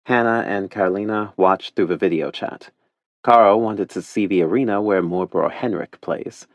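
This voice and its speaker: Male first-person audiobook narrator, low voice, dry studio sound, playful and wry. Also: moderate pace, dry recording.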